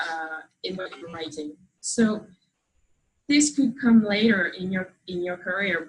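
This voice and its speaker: With many pauses and a wry sense of humor, a French author addresses an audience in an event hall in an informal speech. She is a native French speaker from France with a strong accent and a lowish voice, and the audio is of poor quality.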